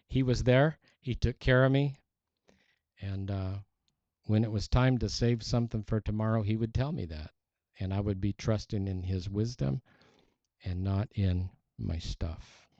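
Man, sermon, emphatic scripture reading, mellow tone, dry close sound. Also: fairly low pitch, unhurried, no echo, lo-fi sound. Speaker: preacher.

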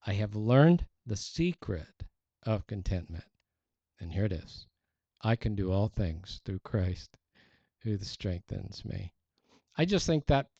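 Man, sermon, emphatic scripture reading, mellow tone, dry close sound. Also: fairly low pitch, no room sound, lo-fi sound. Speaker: preacher.

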